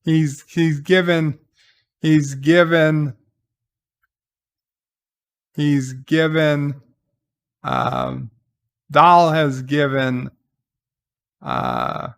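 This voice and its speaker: A man casually recapping a TV episode as a reviewer, halting with restarts and fillers and getting excited as he retells the action. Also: mid-range voice, clean tone.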